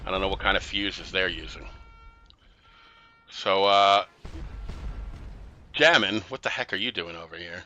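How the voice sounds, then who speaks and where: A man's voice: sits low, a little slow, long pauses, sharp tone, dull audio, soft background music. A man giving casual, chatty commentary on a strategy game he is playing, with exasperated, sarcastic asides. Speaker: gameplay commentator.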